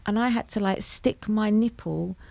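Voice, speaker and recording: Chatty woman with a gravelly edge. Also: mid-range voice, moderate pace, no room sound. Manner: chatty and animated, tells anecdotes. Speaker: podcast guest, comedian and actress. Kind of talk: lively casual chat. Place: podcast studio.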